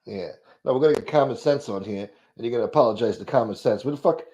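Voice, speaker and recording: A man's voice: mid-range voice, quick pace, breathy edge, no echo. Brash profane man on a livestream. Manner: brash and profane, swings from mumbling to loud outbursts. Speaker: host of a mock church livestream. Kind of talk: casual comedic livestream banter.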